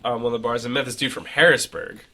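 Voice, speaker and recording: Young man, bright voice, casual podcast chat, rambling storyteller, lots of fillers. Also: medium pitch, fairly even intonation, fast talker. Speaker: podcast co-host.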